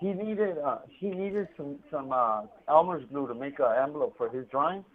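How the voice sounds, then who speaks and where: Man, casual prison-call storyteller, swears and laughs a lot, raised pitch, phone-line sound. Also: animated, normal speed. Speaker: incarcerated caller.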